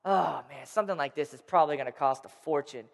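A man in his thirties with a high voice, spinning a playful childhood story for a crowd and tossing questions at them. His voice rings through a large hall with a long, trailing reverb. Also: quick pace, gravelly. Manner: playful, addresses the crowd directly. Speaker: storyteller speaking to an audience. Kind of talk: animated personal storytelling.

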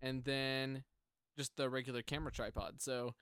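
With a flat delivery at normal speed, this man's medium-pitched voice is clear, resonant, and a bit bright, free of room sound. He hosts a casual podcast at home, rambling with lots of fillers close to a stand-mounted drum mic.

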